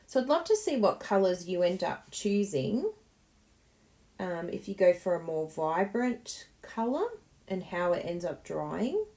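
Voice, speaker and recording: A woman's voice: lowish voice, big pitch swings, measured pace, dark tone. A woman hosting a card-making tutorial, chatting encouragingly and thinking aloud as she works. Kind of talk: casual tutorial talk while crafting.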